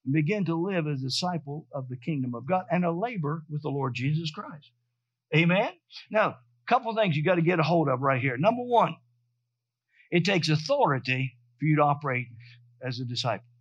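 High-pitched male preacher, emphatic and repetitive, dull dry recording. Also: animated, fairly quick, slightly rough, no room sound. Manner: emphatic, repeats and restarts words. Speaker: pastor. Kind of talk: sermon.

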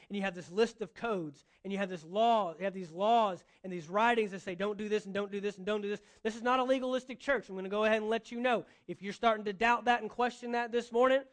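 A man's voice: high voice, fast talker, few pauses. A male pastor preaching a sermon, emphatic, driving points home with repeated phrases.

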